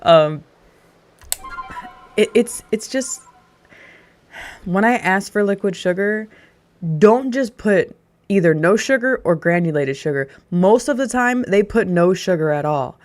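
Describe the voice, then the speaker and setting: A woman's voice: medium pitch, expressive, moderate pace. A young adult woman streamer chatting casually with her audience, ranting through a story and laughing often. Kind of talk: casual chat to a live audience.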